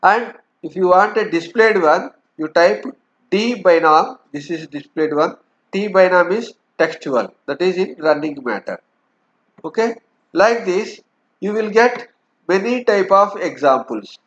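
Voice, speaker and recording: Guy teaching slowly, lots of "okay", muffled lo-fi recording. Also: sits high, expressive, a bit bright. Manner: slow, repeats "okay", explains step by step. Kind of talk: lecture walking through a document. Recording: dull lo-fi lecture recording.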